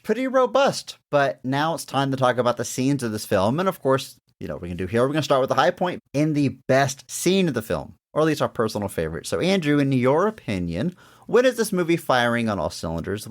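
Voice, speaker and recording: A man co-hosting a podcast, chatting casually about a movie and rambling with frequent restarts and hedges. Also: medium pitch. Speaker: podcast co-host. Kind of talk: casual movie review chat.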